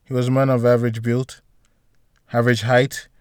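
A man's voice: medium pitch, moderate pace, clear, resonant tone, dry recording, clean studio sound. Man reading a novel aloud. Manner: steady storytelling. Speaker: audiobook narrator. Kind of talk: scripted narration.

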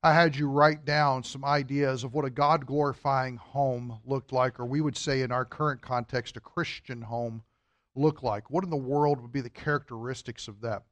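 A man's voice: mid-range voice, fairly even intonation, normal speed, fairly bright tone, no room sound, dull audio. A man teaching a Sunday school Bible class in an earnest, explanatory way, drawing out key words for emphasis.

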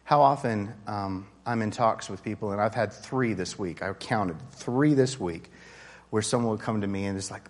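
A man's voice: fairly low pitch, moderate pace, in a large hall. A man leading a casual Bible study group, talking earnestly and conversationally, often restarting his sentences. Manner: earnest, conversational, with frequent restarts and rising intensity.

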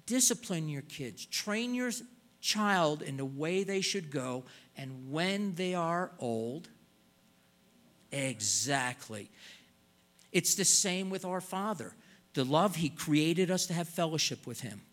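A man's voice: on the high side, expressive, slow, fairly bright tone. An older man preaching a sermon in an earnest way, stretching out words and pleading as he stresses points.

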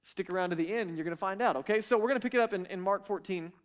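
A man with a high, light voice teaching from the Bible. He speaks earnestly and emphatically, often stumbling over repeated words as he pushes ahead. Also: very fast.

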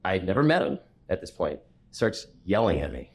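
A middle-aged man, a commercial real estate broker, telling stories from his career in a relaxed interview. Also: deep voice, moderate pace. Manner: animated storyteller who acts out the people he quotes. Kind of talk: storytelling in a conversational interview.

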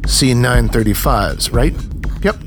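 A man reads a worn-down former gang fighter in his own near-natural voice. The delivery is plain, flat and steady. He keeps the pitch in an ordinary middle range. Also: slow pace, music in the background, close to an everyday voice. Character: tough weary male ex-gang fighter.

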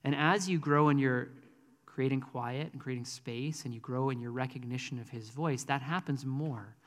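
A man's voice: mid-range voice, moderate pace, long reverb tail. A man preaching a sermon in a conversational, earnest way, with frequent ums. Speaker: pastor.

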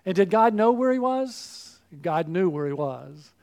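A man's voice: high-pitched, lively intonation, measured pace, vocal fry, darkish tone. A man preaching a sermon as pastor, earnest and building to fervent appeals.

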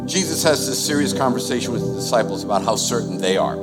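Animated preacher in his sixties. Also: medium pitch, fast talker. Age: 60s. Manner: conversational, animated, sudden swings in volume. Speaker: pastor. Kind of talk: sermon. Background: new-age music.

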